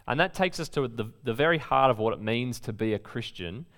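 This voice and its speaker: Here a pastor speaks fairly quickly in a mid-range voice, delivering a conversational sermon built on vivid anecdotes and strongly stressed quotations.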